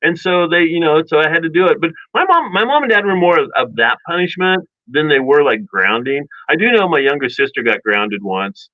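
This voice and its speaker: A man's voice: a little high, big pitch swings, fairly quick, few pauses, no room sound, phone-quality sound. A man co-hosting a radio show, telling a long rambling childhood story in casual chat and acting out family quotes. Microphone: studio microphone.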